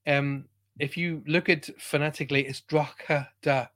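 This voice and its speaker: This is a man from Ireland hosting a live web show, his voice a little high and a bit bright, his pace moderate. The talk is easygoing live-stream chat in which he says hello to viewers by name.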